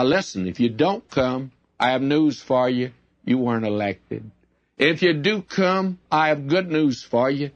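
Folksy preacher with a raised voice. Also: male voice, a little high, dry recording. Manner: folksy, conversational and emphatic. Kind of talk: radio Bible teaching sermon. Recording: dull dry lo-fi recording.

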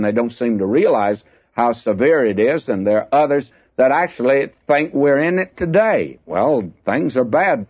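An older man giving folksy radio Bible teaching, lifting his voice when he reads the verses. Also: mid-range voice. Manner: folksy, reads scripture with raised emphasis. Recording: dull lo-fi radio broadcast.

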